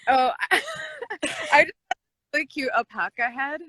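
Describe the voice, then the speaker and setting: A woman's voice: sits high, normal speed, bright, forceful tone, dry recording. A woman joining a casual livestream as a guest musician, laid-back and laughing as she rambles. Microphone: phone video stream.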